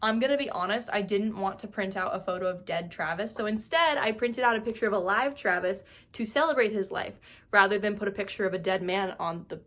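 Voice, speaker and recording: A woman talks through a TV recap in a loose, chatty way, leaning on "like" as she rambles from scene to scene. Her voice sits at an ordinary middle pitch. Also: brisk, a bit bright. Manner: breezy, rambling, heavy use of "like". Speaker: show recap host.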